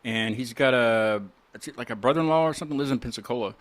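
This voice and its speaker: A man's voice: mid-range voice, fast. Rambling, laughing man. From West Virginia. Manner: rambling, laughs often, swears casually. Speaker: podcast host. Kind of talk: casual chat.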